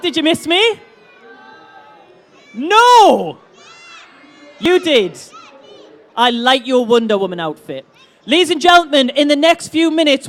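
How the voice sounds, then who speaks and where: A man hosting a fan convention stage, loud and playful as he banters with the crowd and runs a giveaway. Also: very high-pitched. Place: big indoor convention hall stage.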